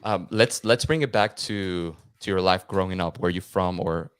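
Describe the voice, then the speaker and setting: A man's voice: sits low, normal speed, a bit bright, clear, resonant tone, dry recording. A man hosting a podcast, upbeat and friendly, introducing his guest with fillers. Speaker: podcast host. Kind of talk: casual interview hosting.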